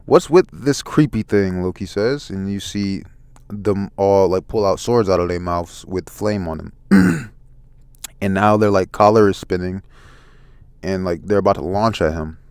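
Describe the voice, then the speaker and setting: A man casually recapping a manga chapter, relaxed with many fillers. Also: sits low, a little slow, clear, resonant tone, no room sound. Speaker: manga reviewer.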